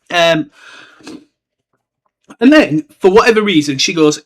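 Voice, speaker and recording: A young man hosting a casual podcast, rambling through a book chapter and slipping into quick character voices. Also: high-pitched, animated, a bit bright. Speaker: podcast host.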